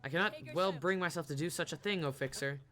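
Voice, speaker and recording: A man's voice: a little high, fast talker, voice pushed up, close to an everyday voice. A man voicing a gallant young female knight in a game, speaking in a grand, archaic way. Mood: earnest. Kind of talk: reading game dialogue aloud.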